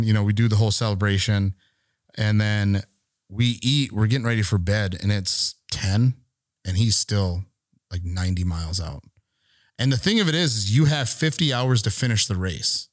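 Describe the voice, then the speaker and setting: A man's voice: on the low side, no echo, studio quality. A man on a podcast telling a long story in casual chat, rambling and swearing freely as he acts out what people said. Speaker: podcast co-host.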